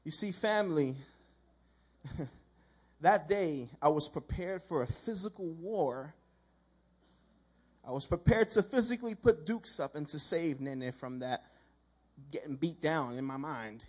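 Male preacher, husky and fairly high voice, telling a story from the pulpit in a loose, chatty, animated way. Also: measured pace, long pauses. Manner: conversational, animated, acts out quoted dialogue. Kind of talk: storytelling sermon.

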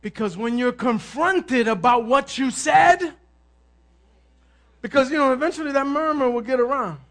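High, bright-voiced preaching pastor. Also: male voice, moderate pace. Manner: animated preaching, shifting from hushed asides to shouted emphasis; acts out complaining voices of others. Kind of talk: sermon.

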